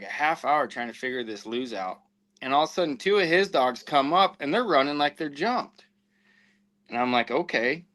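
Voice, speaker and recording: Bright-voiced man spinning a hunting yarn. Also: medium pitch, poor audio. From southwestern United States. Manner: animated anecdote-telling with acted-out quotes. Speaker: podcast host and houndsman. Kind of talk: casual storytelling.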